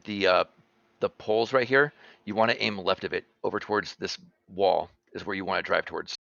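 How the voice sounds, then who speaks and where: A man's voice: low voice, fairly even intonation, a little fast, creaky, fairly bright tone, dry recording, dull audio. A man briefing his team over voice chat, direct and businesslike. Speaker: clan leader briefing a match. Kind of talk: casual voice chat.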